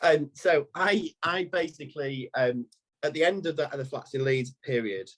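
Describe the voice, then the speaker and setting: A man's voice: a little high, normal speed, a bit bright. A man in his thirties, an estate agency owner, telling a long anecdote in a podcast interview, rambling with frequent restarts.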